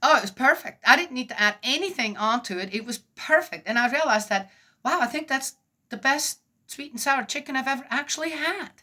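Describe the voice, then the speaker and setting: Middle-aged woman, bright tone; casual, rambling host who chuckles and keeps asking "right?". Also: sits high, animated, fairly quick. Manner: chatty, rambling, asks "right?" often, laughs. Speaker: host of a Bible reflection talk. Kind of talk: casual spoken reflection.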